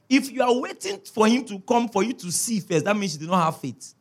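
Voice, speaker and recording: A man's voice: high voice, expressive, brisk, hardly any pauses. A man preaching a sermon as a pastor, emphatic, repeating key words and checking in with his listeners.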